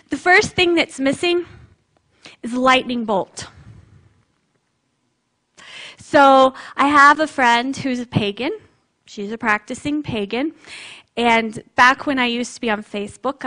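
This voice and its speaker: A woman's voice: high voice, a bit bright. A woman preacher giving a sermon in a conversational, reflective way, with light laughs.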